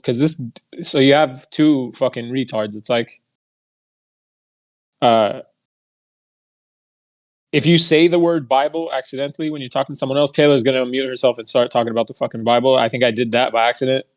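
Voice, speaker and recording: A young man telling a heated, profane story in a casual monologue, mocking the people he quotes. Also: mid-range voice. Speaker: podcast host.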